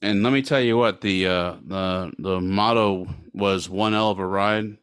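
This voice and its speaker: A man's voice: low voice, steady tone, measured pace, a bit bright, clean tone, no echo, studio quality. A man co-hosting a casual podcast chat, joking and rambling with fillers. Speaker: podcast co-host.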